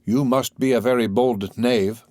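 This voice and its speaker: A man's voice: mid-range voice, steady tone, measured pace, a little mellow, no echo, clean studio sound, lightly acted. A man reading the lines of a proud young dancer woman. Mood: curt, guarded. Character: young female street dancer, proud, fierce, guarded.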